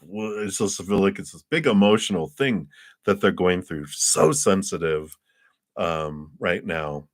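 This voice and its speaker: A man's voice: deep voice, a little slow. A man giving tarot readings on a live stream, chatty and thinking aloud, laughing often between thoughts. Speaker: tarot reader.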